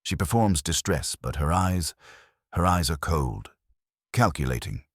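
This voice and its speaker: A man voicing Poirot, a measured sleuth. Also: rumbling low, animated, slightly rough, no room sound, studio quality, full character voice. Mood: suspicious. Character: fastidious older Belgian male detective, shrewd and calm.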